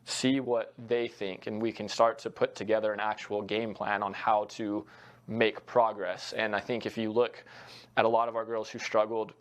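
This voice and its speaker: A young male soccer coach answering interview questions in an earnest, reflective way. His voice sits low and stays fairly flat. He leans on frequent fillers as he works through his thoughts. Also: moderate pace. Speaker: college soccer head coach.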